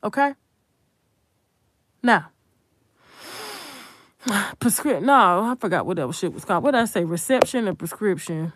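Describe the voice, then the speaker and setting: A woman's voice: medium pitch, lively intonation, a little slow, pauses often, slight background noise. A young adult woman content creator giving a blunt, profane, emphatic commentary rant.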